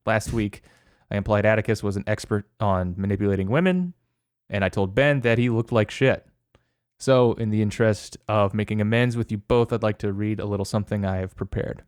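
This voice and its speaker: A man's voice: fairly low pitch, clear, resonant tone, dry recording. Dry, sarcastic-sounding male podcast host. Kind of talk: casual chat.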